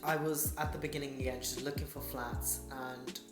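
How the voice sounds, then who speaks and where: A man's voice: mid-range voice, normal speed. A young man in a casual storytelling vlog, animatedly recounting events and quoting people. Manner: animated, quotes people in dialogue. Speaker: vlogger. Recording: roomy with background music.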